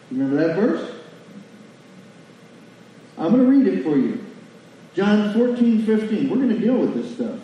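A man preaching a sermon in a church, folksy and animated, asking the congregation questions. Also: high voice, normal speed, long pauses, slight background noise. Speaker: pastor. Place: church sanctuary. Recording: distant mic in a very echoey hall, lo-fi.

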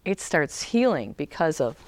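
A woman talks conversationally to a small group about emotional healing, full of fillers and restarts. Very animated yet at a measured pace, she sometimes acts out a crying child in a high shout.

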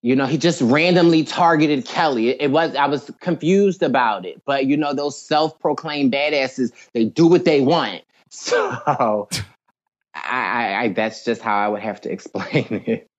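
A man's voice: mid-range voice, a little slow. Giggly, stammering man on a dull line. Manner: hesitant, stammers and giggles a lot. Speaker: guest. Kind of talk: casual interview chat.

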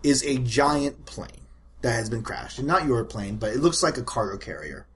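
A man narrating a tabletop game as game master, rambling and animated with many fillers. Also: medium pitch, normal speed.

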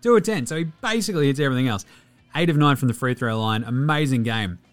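A man's voice: mid-range voice, fast, faint music behind. An Australian man hosting a casual sports podcast, joking and swearing as he rattles off stats. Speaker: podcast host.

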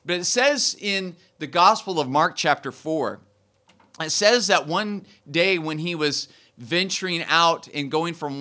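A man's voice: a little high, pushed and bright. A man preaching a sermon to his church in a conversational way, often restarting phrases and building to emphatic peaks. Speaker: pastor.

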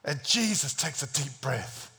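A man preaching a sermon and telling the story with drama, acting out each scene he describes. His voice sits high for a man and swings widely in pitch, full of life. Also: very animated, measured pace, pushed and bright. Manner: dramatic, acts out the scenes, plays other voices.

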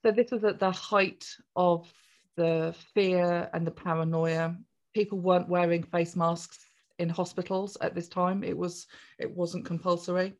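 A woman, a podcast guest chatting through a personal story in a jolly, animated way. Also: lowish voice, measured pace. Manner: chatty, jolly, acts out voices in quoted speech.

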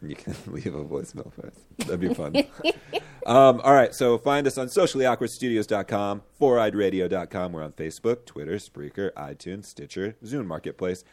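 A man's voice: lowish voice, expressive, moderate pace, darkish tone. A man hosting a casual podcast, joking loosely and stumbling through his plugs. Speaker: podcast host.

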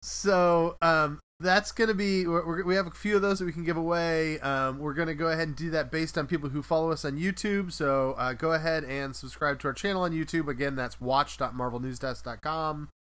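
A chatty male podcast host with a bright, forward tone that sits a little high. He talks casually, rambles through his points and pokes fun at himself. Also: fairly even intonation, brisk, few pauses, clear, resonant tone.

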